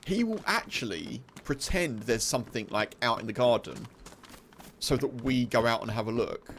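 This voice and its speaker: A British man talks casually with his viewers while streaming a game. He rambles, laughs often and fills his sentences with "like" and "you know," at a middling pitch. A faint hiss sits under his voice. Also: animated, normal speed, a bit bright. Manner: chatty, laughing, rambling, full of fillers.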